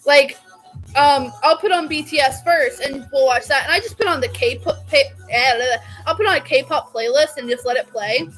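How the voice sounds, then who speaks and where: Young woman, high-pitched, chatty, gushing, laughs a lot, soft music in the background. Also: moderate pace, poor audio. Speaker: vlogger. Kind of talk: casual chat.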